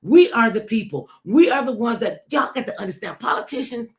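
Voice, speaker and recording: A woman's voice: a little high, expressive, fairly quick. A woman talk show host delivering an emphatic political commentary monologue, repeating herself and addressing listeners directly.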